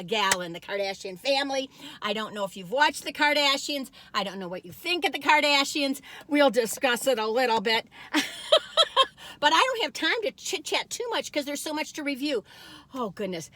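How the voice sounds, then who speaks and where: A bubbly woman reviews treats in a casual vlog. Her high voice swings up and down a lot. She giggles and chats between her points. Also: pushed and bright. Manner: bubbly and giggly, chatty asides. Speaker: food review vlogger. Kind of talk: casual taste-test vlog.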